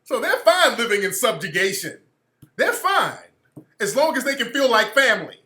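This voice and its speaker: A man's voice: very high-pitched, sing-song, moderate pace, pushed and bright, roomy sound. A man hosting a talk radio show, delivering a blunt, profane monologue that repeats and restarts phrases. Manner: acts out quoted people in mocking voices.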